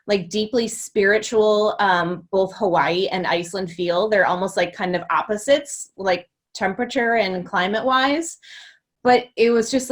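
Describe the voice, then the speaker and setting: Chatty woman podcast guest. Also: medium pitch. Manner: chatty, uses many fillers like "like". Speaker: podcast guest, former boutique owner. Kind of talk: casual interview conversation.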